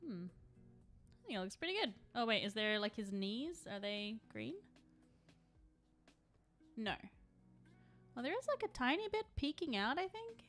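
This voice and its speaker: A woman's voice: a little high, very animated, measured pace, pauses often, a bit bright, soft background music. A young adult woman chatting casually on a live stream while she paints, rambling and laughing often.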